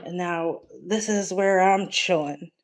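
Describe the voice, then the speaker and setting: A woman's voice: lowish voice, takes it slowly. A young woman chatting casually on a livestream from home, swearing freely and reading the chat aloud. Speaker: live streamer. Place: home, evening.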